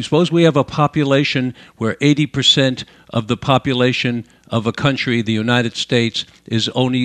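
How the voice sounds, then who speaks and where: A man's voice: mid-range voice, fairly bright tone, no room sound. A man interviewing a guest, asking long earnest questions that pile up clauses and restart often. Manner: earnest, piling up clauses with repeated stammered starts.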